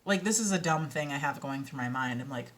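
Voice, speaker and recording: A young woman chatting excitedly to camera at home, giggly and talkative, about her audiobook narration work. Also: rumbling low, brisk. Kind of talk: casual chat to camera. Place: at home, indoors.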